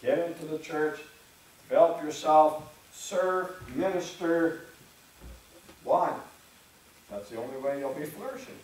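Male pastor preaching in a church, chatty style, clears his throat a lot, kinda high voice, super echoey room, mic far off. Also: unhurried, pauses often, a little mellow, a little hiss or hum. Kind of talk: sermon. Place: church sanctuary.

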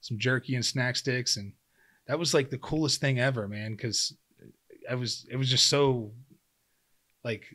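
Pausing often and speaking a little slowly, a man in his thirties with a mid-range, fairly bright voice tells a story as a podcast guest. Once a pro football player and now a hunter, he chats casually, acting out his own quotes and using lots of fillers.

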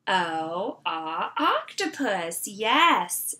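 A middle-aged woman teacher leading an online writing lesson for young children, sounding out words slowly and clearly. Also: on the high side, big pitch swings, a bit bright.

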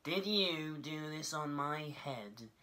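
A squeaky, indignant little mole from a children's storybook, put on by a man reading aloud. He drags out each question slowly and plaintively, pitched far above a normal speaking voice. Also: expressive, bright, forceful tone, heavily acted. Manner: high, slow, plaintive questioning. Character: short-sighted little male mole, indignant.

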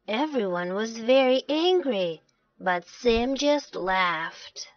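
A woman storyteller narrating a children's storybook in a slow, expressive way. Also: a little high, no room sound. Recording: dull lo-fi dry recording.

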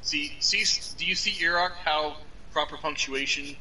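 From his home basement, a man co-hosts a live stream, talking casually, often laughing and reading out messages from chat. He speaks at a moderate pace with a slightly high, sharp-toned voice. The audio is poor, with a little hiss or hum.

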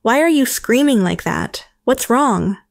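A woman's voice: fairly high pitch, lively intonation, unhurried, vocal fry, no room sound, studio quality, voice pushed up. Stern dad demanding the truth, firm and fair, voiced by a woman narrator. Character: stern fair-minded middle-aged father. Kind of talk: storytelling narration.

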